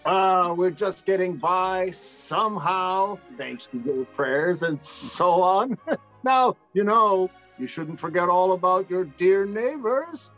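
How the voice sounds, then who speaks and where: A man's voice: high-pitched, animated, slow, a bit bright, lo-fi sound, soft background music, heavily acted. An actor playing a fussy, jovial older landowner who pads his sentences with "and so on", in an amateur remote stage play. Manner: rambling, tacks on "and so on". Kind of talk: amateur stage acting over video.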